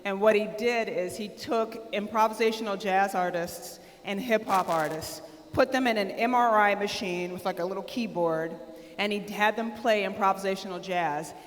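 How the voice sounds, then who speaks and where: An American woman giving a conference keynote, energetic and loud, calling on the audience to shout out answers. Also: medium pitch, normal speed, a little hiss or hum. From United States. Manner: energetic, talks with the audience, asks them to shout out; loud and excitable, close to shouting. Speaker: keynote speaker. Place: large conference hall with a live audience. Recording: live hall with long reverb.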